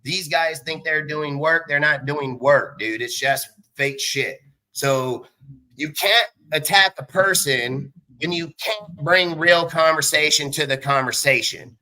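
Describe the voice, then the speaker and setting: Male, 40s, live show host: swearing, combative, boastful rant, very sharp and forceful voice pitched a bit high. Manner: rapid bursts of speech. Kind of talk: profane angry rant on a livestream.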